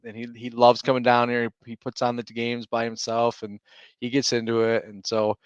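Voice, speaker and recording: Chatty dad rambling through a story. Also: male voice, mid-range voice, completely flat delivery, moderate pace, clean tone, dry recording, dull audio. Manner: rambling storyteller, laughs often. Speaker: podcast co-host. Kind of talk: casual chat. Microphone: remote call.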